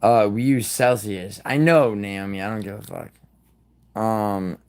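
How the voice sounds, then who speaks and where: Profane ranting man, slightly low voice. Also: steady tone, slow pace, a little mellow, smooth. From New York. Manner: profane, rambling, combative ranting. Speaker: livestream host. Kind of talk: casual live-stream chat answering viewers.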